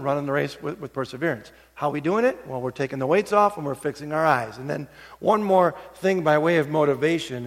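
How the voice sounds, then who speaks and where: High-voiced preacher in a reverberant hall. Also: male voice. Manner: storytelling, swings between hushed asides and rising exhortation. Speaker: pastor. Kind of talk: sermon.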